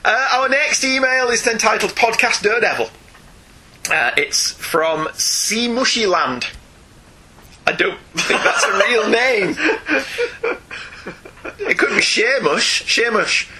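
A man's voice: high voice, animated, a little slow, background noise. A man co-hosting a casual podcast, reading listener emails aloud with frequent laughs and asides.

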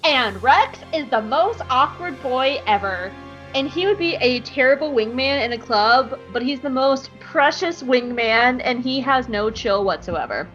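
Animated woman recapping, lightly high voice. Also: unhurried, highs cut off, faint music behind. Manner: animated, playful, swears freely. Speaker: podcast host recapping an episode. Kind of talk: casual chat.

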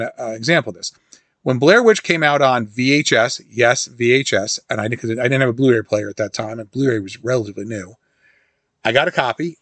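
A man's voice: medium pitch, a bit bright, no room sound. A middle-aged man hosting a casual horror-film talk, rambling through stories with many restarts and asides. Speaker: host reviewing a horror film. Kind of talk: casual monologue.

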